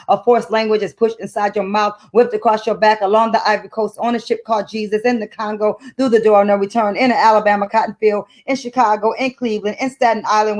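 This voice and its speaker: A woman's voice: medium pitch, darkish tone. A middle-aged woman from Detroit reads poetry with a rhythmic, emphatic spoken-word delivery. Between poems she talks easily as a guest of an online book club. She is heard through a video call. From Detroit, United States. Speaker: poet, guest author.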